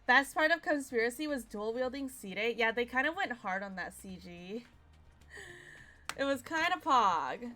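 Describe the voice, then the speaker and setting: A young woman streaming a game, chatty and excitable, with a voice still rough from a nap. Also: a little high, moderate pace. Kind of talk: casual game commentary.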